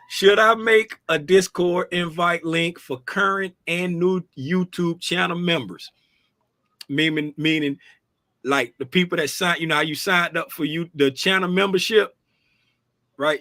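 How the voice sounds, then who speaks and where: A man hosts a casual livestream, chatty and repetitive, drawling along. His voice sits high and bright. The sound is close and dry. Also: a little slow, no room sound. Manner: chatty, repetitive, drawling, sing-song asides. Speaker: livestream host.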